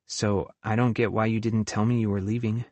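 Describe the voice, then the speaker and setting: A man's voice: lowish voice, little pitch movement, brisk, darkish tone, dry recording, lightly acted. A man voicing an earnest, hurt young woman who works as a camp counselor, in an audiobook. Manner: earnest, hurt, talks frankly about her feelings. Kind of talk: audiobook dialogue reading.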